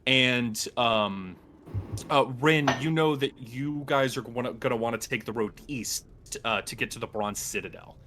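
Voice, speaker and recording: A man as dungeon master narrating a tabletop game, halting with many ums. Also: mid-range voice, background noise. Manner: halting, lots of ums and uhs.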